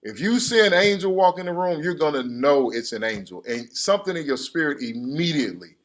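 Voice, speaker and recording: Animated man leading a Bible class. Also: fairly high pitch, a little fast. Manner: animated, acts out scripture characters; directs the reader with "keep going". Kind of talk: sermon-style Bible class teaching.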